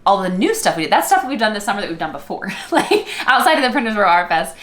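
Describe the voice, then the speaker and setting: A woman's voice: mid-range voice, sing-song, fast, a bit bright, echoey room. A woman co-hosting a casual vlog conversation, chatty and upbeat, often saying "um" and "yeah". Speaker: co-host of a couples channel.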